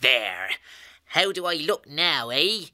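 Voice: medium pitch, sing-song, takes it slowly, pushed and bright, no room sound, studio quality, heavily acted. A performer voicing a cheeky young male hedgehog thief who talks in a slangy, chirpy way and calls others mate, in a full-cast audiobook.

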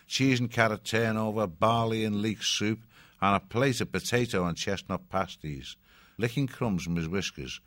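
A man narrating an audiobook in a steady, descriptive way. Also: low voice.

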